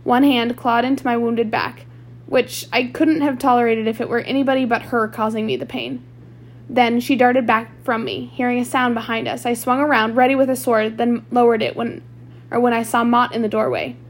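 Woman reading a novel aloud, higher voice. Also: steady tone, moderate pace. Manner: plain reading with small slips and restarts. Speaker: audiobook reader.

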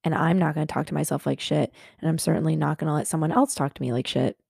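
Low gravelly woman, earnest and rambling. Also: steady tone, quick pace, a little mellow, dry recording, studio quality. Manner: earnest, rambling, lots of fillers. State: a little hungover. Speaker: podcast host. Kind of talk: casual self-help talk. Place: in her bed at home.

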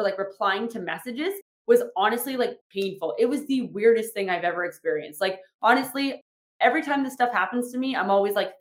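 A young woman talks on her own podcast in a loose, frank, chatty way, full of fillers and the odd swear. Her voice sits a little high. The room around her is echoey. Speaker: podcast host and fitness trainer. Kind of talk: casual solo podcast talk.

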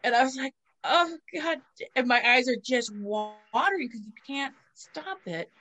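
A woman in casual chat, telling crude, animated stories and acting out what people said. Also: sits high, measured pace. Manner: crude, animated storytelling with voiced quotes.

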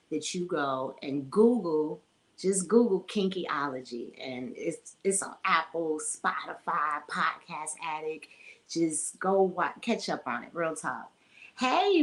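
A woman in her forties hosting a casual live-streamed podcast, chatting freely, greeting viewers by name and laughing often. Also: fairly low pitch. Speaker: podcast host.

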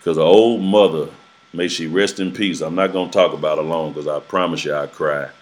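A man who preaches, telling his own story in a halting, earnest way, repeating words as he searches for them. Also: low voice, steady tone, a little hiss or hum. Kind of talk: personal testimony in a casual interview.

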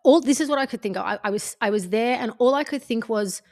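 A woman's voice: fairly high pitch, quick pace, a little mellow. A woman, hosting a podcast and candidly telling a personal story in casual chat, swearing freely. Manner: candid and sweary, acts out friends' lines. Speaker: podcast host.

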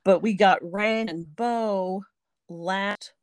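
A woman's voice: mid-range voice, fairly even intonation, extremely slow, clean tone, no room sound, studio quality. Rambling, laughing middle-aged woman guest. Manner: rambling, self-correcting, laughs easily. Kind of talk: casual interview chat.

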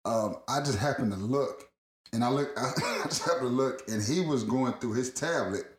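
A man's voice: mid-range voice, normal speed, roomy sound. A man telling a long rambling story in casual podcast chat, laughing often and swearing freely. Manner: rambling, laughing, profane, animated.

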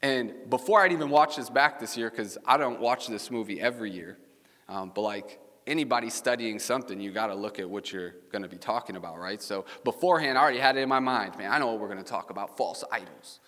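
A pastor with a medium-pitched voice, fast, pushed and bright, delivers a relaxed sermon to his congregation in a church sanctuary. He spins stories and keeps asking the crowd questions, all echoing with the long reverb of a big hall.

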